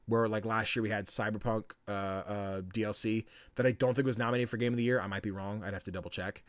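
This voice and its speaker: A man's voice: lowish voice, fairly even intonation, fast talker, no echo. A young man hosting a podcast, chatting casually about video games in a loose, swearing, playful way. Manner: loose and chatty, swears freely, acts out game characters. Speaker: podcast host.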